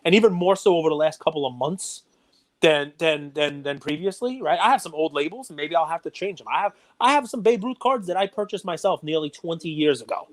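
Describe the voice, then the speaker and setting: A middle-aged man co-hosting a podcast, chatting casually and getting worked up as he rants. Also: a little high. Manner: animated, gets worked up and ranty. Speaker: podcast co-host. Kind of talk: casual chat.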